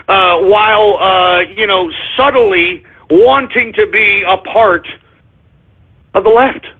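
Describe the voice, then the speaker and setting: A radio host man rants in a combative monologue, his voice high and husky. He keeps cutting in with loud shouted bursts. The sound is thin and narrow, like a phone line. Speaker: radio talk show host. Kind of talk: political talk radio monologue.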